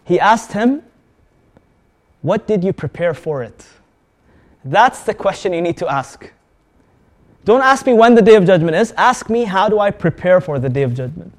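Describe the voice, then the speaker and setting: A man giving a lively sermon to an audience, asking them questions and mixing Arabic words and recitation into his English. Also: high voice. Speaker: Islamic preacher.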